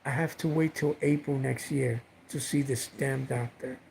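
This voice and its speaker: A man's voice: mid-range voice, steady tone, normal speed, vocal fry, a little mellow, a little hiss or hum, poor audio. A middle-aged man vlogging from home, telling a personal story in a rambling, heartfelt way, repeating words and using lots of fillers.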